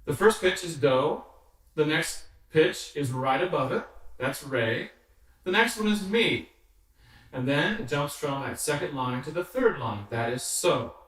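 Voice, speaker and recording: A man teaching basic music, speaking slowly and patiently in a fairly high voice. He is picked up from a little way off in a very echoey room, and the reverb rings behind every word. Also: lively intonation, fairly bright tone. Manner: patient, counts rhythms and sings solfege aloud. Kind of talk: slow instructional explanation. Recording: very echoey room, somewhat distant mic.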